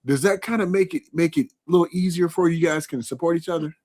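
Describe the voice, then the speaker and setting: A man's voice: fairly high pitch, quick pace, darkish tone. A man hosting a casual live interview, asking questions and chatting freely. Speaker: interview host.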